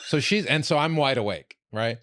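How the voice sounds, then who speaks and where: A man's voice: medium pitch, lively intonation, normal speed, a bit bright. A male podcast host tells a rambling anecdote in a mid-range voice. He swears freely and restarts his sentences often. The sound is dry and close, with no room echo. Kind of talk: casual podcast chat.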